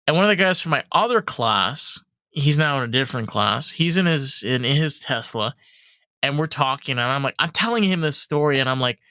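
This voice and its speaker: A young man hosting a podcast, telling animated, profanity-laced stories in casual chat full of fillers. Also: mid-range voice, normal speed, no room sound, studio quality. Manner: animated storyteller, swears freely, many fillers. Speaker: podcast host.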